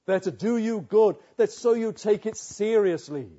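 A man preaching a sermon with urgency, swinging from loud warnings to hushed asides. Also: sits high, measured pace, dull audio.

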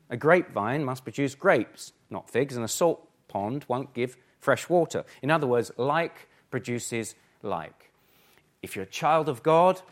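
A pastor preaches a sermon in a medium-pitched voice, emphatic and packed with rhetorical questions, swinging between forceful and hushed delivery.

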